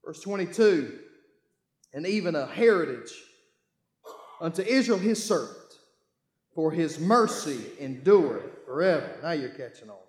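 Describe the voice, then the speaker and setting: A man preaching a sermon, reading scripture aloud and calling his congregation to read along, with bursts of shouting. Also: on the high side, expressive, a little slow, pauses often, reverberant. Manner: call-and-response, urging the congregation to read along. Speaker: pastor.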